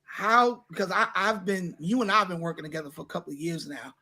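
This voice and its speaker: A man who is a pastor, hosting a casual talk show and warmly bringing guests to the stage. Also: high voice, fast talker. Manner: lively, hypes up guests. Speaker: pastor and host.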